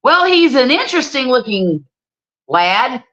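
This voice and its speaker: A middle-aged woman hosting a casual livestream and telling stories with a lively, swooping voice. She reads viewer comments and exclaims freely. The sound is slightly muffled, as if from a lo-fi home stream. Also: high-pitched, a little slow. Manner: animated storyteller, exclaims freely. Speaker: livestream host. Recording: slightly dull lo-fi stream audio.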